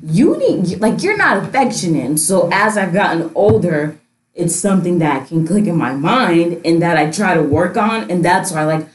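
A woman's voice: fairly low pitch, lively intonation, normal speed. Reflective young woman, roomy echo. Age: young adult. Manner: reflective, heavy use of "like". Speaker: discussion participant. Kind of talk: casual group chat.

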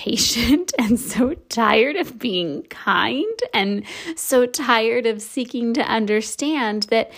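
A woman in her thirties, a podcast host, telling a candid personal story for a devotional show, reflective, with soft laughs. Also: medium pitch.

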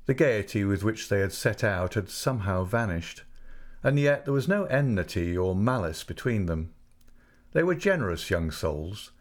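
A man narrating a classic novel as an audiobook, with a measured, unhurried literary delivery. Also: lowish voice, big pitch swings.

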